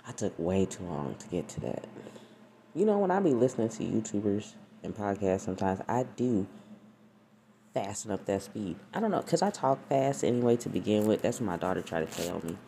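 A woman's voice: very deep voice, big pitch swings, moderate pace, mellow, a little hiss or hum. A woman hosting her own podcast, chatting casually and rambling with profane, laughing asides. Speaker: podcast host. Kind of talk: casual solo podcast chat.

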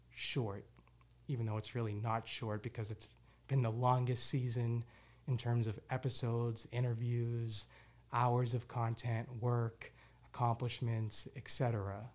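A man's voice: medium pitch, darkish tone. Candid, reflective male podcast host. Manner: candid and reflective, swears casually, rambling restarts. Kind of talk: casual monologue.

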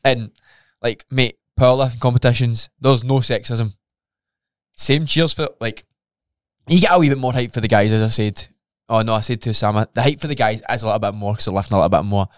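Man, podcast co-host, lively sweary storyteller, dry close sound. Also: mid-range voice, fairly quick, smooth, no echo. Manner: animated storytelling, swears often, acts out his own reactions. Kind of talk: casual chat.

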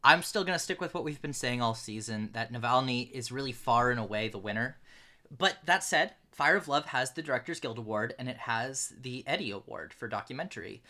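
A man's voice: mid-range voice, expressive, a little fast, sharp tone. A man co-hosting a film awards podcast in casual chat, emphatic and repeating his points for stress. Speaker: podcast co-host.

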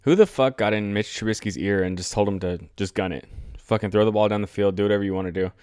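Profane low-voiced man ranting about football. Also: steady tone, quick pace, a little mellow, smooth, no echo, clean studio sound. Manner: profane, exasperated, rambling. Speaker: podcast host. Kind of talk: solo sports rant podcast.

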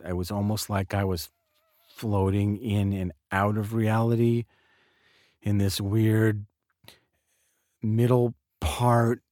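Middle-aged guy, deep low voice, dry close sound, just talking frank about what happened to him. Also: a little mellow, no echo. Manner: candid, conversational, swears casually. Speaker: podcast host. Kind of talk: personal storytelling monologue.

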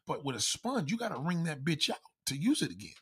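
A man ranting in a loud, profane, comedic style, constantly swearing and acting out quoted voices. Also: fairly high pitch, very animated, fairly quick, husky.

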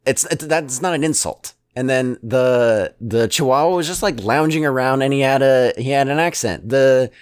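Brief: man, casual podcast co-host, rambling, halting delivery, dry close mic, mid pitch. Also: clear, resonant tone, no room sound. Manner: rambling, halting, many restarts and fillers; chuckles often. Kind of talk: casual chat.

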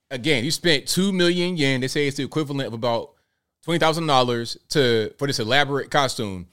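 Animated male show host. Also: mid-range voice, clean tone. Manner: animated, full of rhetorical questions. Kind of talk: live commentary show.

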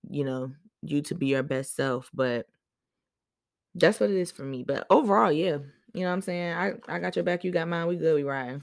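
A woman hosting a podcast, telling stories in a chatty, animated way with slang and lots of fillers. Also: low voice, vocal fry, no room sound, studio quality. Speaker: podcast host. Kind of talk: casual storytelling chat.

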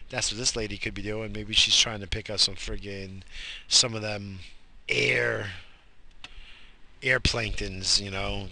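A man's voice: lowish voice, gravelly, pushed and bright, slight background noise. A tired, yawning man rambling jokingly and with lots of swearing as he vlogs from inside his car. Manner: rambling, profane, jokey. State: exhausted, yawning. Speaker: vlogger. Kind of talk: casual rambling vlog while driving.

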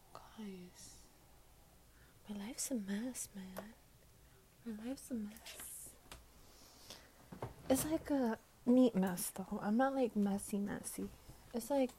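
A woman's voice: mid-range voice, dark tone, slight background noise. A young woman hosting a podcast, rambling casually with slang and swearing, sounding congested from a cold. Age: teens. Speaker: podcast host. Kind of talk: casual late-night monologue. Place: by a window at night.

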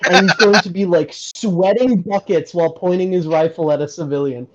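A young man in casual chat, telling stories with energy and laughing loudly. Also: high-pitched, normal speed. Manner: animated storyteller, laughs loudly. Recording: dull lo-fi audio.

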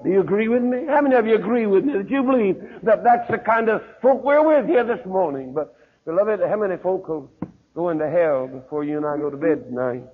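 A man preaching a revival sermon as a pastor, telling stories and swinging from hollered peaks down to hushed, low lines. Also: in a large hall. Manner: storytelling preacher, swelling to hollered climaxes then dropping low. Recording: tinny phone-like sermon recording.

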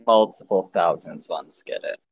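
A man in his thirties co-hosting a casual podcast, joking and often jumping into high-pitched impressions. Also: normal speed, creaky, breathy edge, no echo, lo-fi sound. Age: 30s. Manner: animated, jokey, slips into high-pitched impressions. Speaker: podcast co-host and editor.

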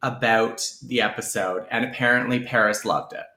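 A man co-hosting a relaxed chat, quick with jokes and playful asides. His voice is bright and forward. The sound carries a roomy echo. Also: medium pitch, gravelly. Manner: playful, quick to quip and mimic. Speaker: podcast co-host. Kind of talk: casual chat reviewing a TV episode.

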